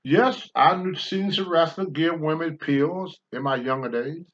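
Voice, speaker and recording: An older man on a talk show, blunt and preachy, swinging from low mutters to loud outbursts. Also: a little slow, dull audio. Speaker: podcast host, former wrestler. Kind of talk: candid talk-show commentary.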